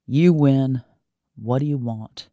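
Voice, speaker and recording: A woman's voice: extremely low pitch, slow pace, no echo, highs cut off. A woman voicing a guarded, stubborn grown man in an audiobook, clipped and curt. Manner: clipped, flat, curt replies. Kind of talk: audiobook character voice.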